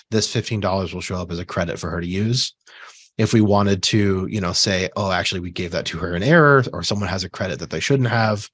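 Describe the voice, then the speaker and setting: Man walking through software on screen. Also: fairly low pitch, husky. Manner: relaxed, conversational, with fillers and asides. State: has the hiccups. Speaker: software trainer. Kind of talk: screen-share software tutorial.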